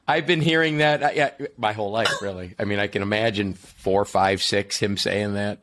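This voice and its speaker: A man's voice: on the low side, moderate pace, a bit bright. American man hosting a casual chat. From United States. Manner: conversational, explains with asides and restarts. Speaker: podcast host.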